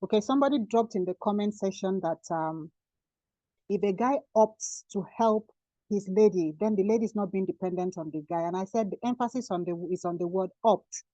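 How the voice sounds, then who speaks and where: A woman's voice: medium pitch, fast, hardly any pauses, warm tone, dry recording, dull audio. A woman making emphatic points as a panelist summing up an online panel discussion over a video call. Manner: emphatic, explaining and repeating points.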